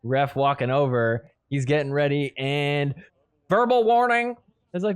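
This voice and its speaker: A man's voice: a little high, normal speed, smooth. A man hosting a podcast, giving casual commentary over match clips, laughing often and mock-quoting the players.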